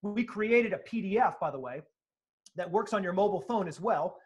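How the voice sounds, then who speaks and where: This sales speaker and author, appearing as an interview guest, sits high in pitch and talks at a moderate pace. He tells his stories animatedly and emphatically, voicing the quotes he relays and dropping occasional profanity.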